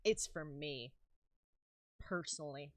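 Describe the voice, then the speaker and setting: Woman, artist streamer, casual chat while drawing, low pitch, dry sound, swears freely. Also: slow pace, a bit bright, no echo.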